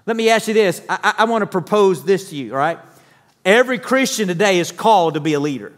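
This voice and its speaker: A man's voice: high voice, fast talker, long reverb tail. A man preaching a sermon as pastor, conversational, often checking in with his listeners and sometimes restarting words. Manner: conversational preaching, frequent "all right?" check-ins, some stammered restarts.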